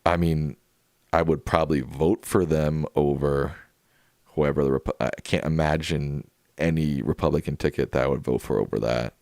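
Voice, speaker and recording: A man hosting a casual livestream, chatting in a relaxed way and thinking aloud as he answers viewers. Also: extremely low pitch, moderate pace, dry recording, studio quality. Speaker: livestream host.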